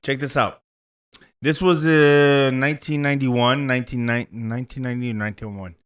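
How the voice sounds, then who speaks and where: Animated man telling a street story. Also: mid-range voice, fairly quick, smooth. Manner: animated storyteller acting out quotes, swears freely. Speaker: co-host. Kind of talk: casual storytelling chat.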